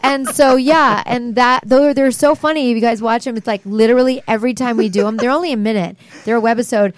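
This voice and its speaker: A woman guest with a slightly high voice tells stories in a casual chat. She acts out the quoted exchanges with animation. Her voice sounds dry and close, with no room around it. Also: fairly even intonation, quick pace, dry recording. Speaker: voice actress guest.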